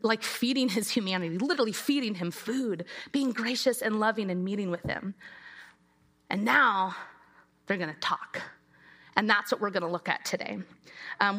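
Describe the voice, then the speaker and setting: An American woman is giving a sermon in a church. Her voice is bright and ringing. She keeps the talk conversational and lively, and she slips into dramatic voices for quoted lines. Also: on the high side. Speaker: preacher.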